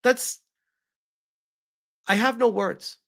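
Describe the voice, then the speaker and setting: A man's voice: very high voice, fairly even intonation, extremely slow, creaky, a bit bright. A man commenting live on a stream, emotional and rambling, often restarting his sentences.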